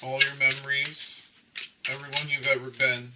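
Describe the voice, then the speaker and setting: A man's voice: mid-range voice, little pitch movement, normal speed, far from the mic, very noisy. A man giving a casual, rambling tarot reading, often checking in with "okay?" and breaking into little laughs. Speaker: tarot reader.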